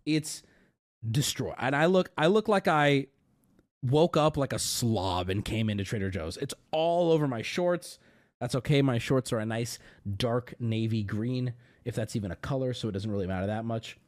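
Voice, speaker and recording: A man's voice: medium pitch, animated, moderate pace. A man telling a story on his stream as a profane, self-mocking rant, getting heated as it goes.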